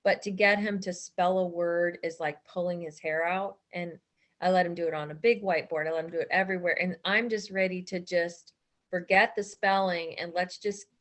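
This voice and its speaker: A woman's voice: lowish voice, steady tone, normal speed, fairly bright tone. A woman teacher in a workshop discussion, earnestly explaining a student's struggle. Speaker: teacher asking a question.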